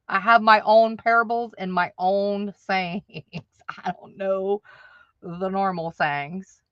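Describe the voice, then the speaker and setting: A woman with a steady, mid-range voice talks slowly to her livestream viewers, laughing frequently in this casual audio-only chat. The recording is muffled, without room sound.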